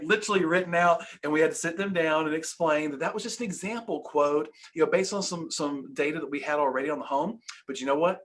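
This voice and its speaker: A man's voice: a little high, a bit bright. A man hosting a live training webinar, coaching with energy and emphasis and acting out sales lines.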